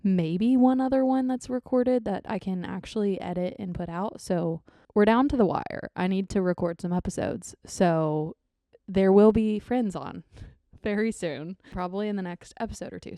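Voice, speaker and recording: A woman's voice: medium pitch, moderate pace, dark tone, no room sound, clean studio sound. A young woman hosting her own podcast in a bubbly, rambling, easily sidetracked chat. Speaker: podcast host. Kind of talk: casual solo podcast chat.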